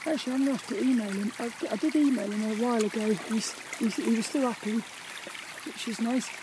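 A vlogger with an English accent chatting quietly and rambling while walking by a river in the woods. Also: medium pitch, fast talker, noisy background. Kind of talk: casual walk-and-talk vlog. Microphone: camera carried while walking.

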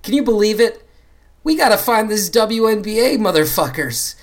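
A man doing a shouty gruff spy boss. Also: a little high, moderate pace, close to an everyday voice. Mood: exasperated.

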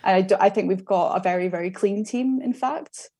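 A woman's voice: mid-range voice, a little fast, warm tone, breathy edge. A Scottish woman on a podcast panel, giving enthusiastic opinions about her football team. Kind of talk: casual football chat.

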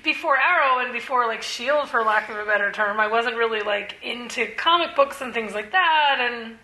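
Bright, chatty woman co-host. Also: on the high side, normal speed. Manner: chatty, wry, says "right" often. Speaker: podcast co-host. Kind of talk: casual chat. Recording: roomy echo.

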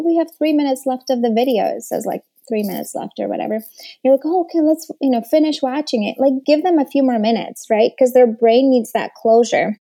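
A woman's voice: on the high side, creaky. A woman giving casual, encouraging parenting advice, full of fillers and little acted-out examples. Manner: warm encouraging, many fillers.

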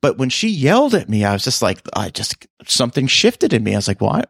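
A male podcast host in easy, casual conversation, telling stories with lots of animation. His voice sits at a middle pitch and rises sharply when he acts out other people. The recording is dry and close, with no room sound. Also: a little fast, creaky, slightly rough, no room sound. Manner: animated storyteller, voice jumps high for quoted lines. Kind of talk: casual chat.

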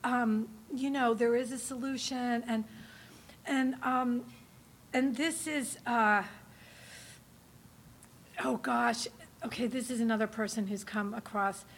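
A woman's voice: fairly high pitch, fairly even intonation, slow pace, pauses often, slight background noise. A woman telling her story casually to a live audience, rambling and laughing often, with lots of fillers. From New Hampshire. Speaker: speaker giving a testimony talk.

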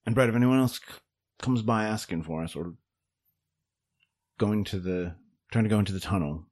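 A man's voice: fairly low pitch, normal speed, long pauses, a little mellow. A man playing a character in a tabletop game, asking questions in a dry manner. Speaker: player. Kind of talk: tabletop role-play.

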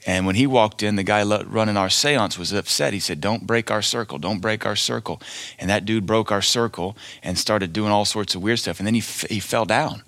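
A man's voice: fairly low pitch, a little fast, fairly bright tone, dry recording. A male preacher giving a fiery sermon, blunt and scornful, hammering each point with emphatic declarations.

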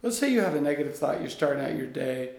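Earnest gravelly man in an echoey room. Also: on the high side, quick pace. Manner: earnest, animated storytelling. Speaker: interview guest, coach. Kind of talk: conversational interview.

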